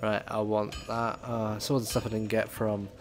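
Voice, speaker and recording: A man hosting a casual let's-play, excitable and swearing at the game. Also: on the low side, normal speed, a little hiss or hum. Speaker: gaming video host.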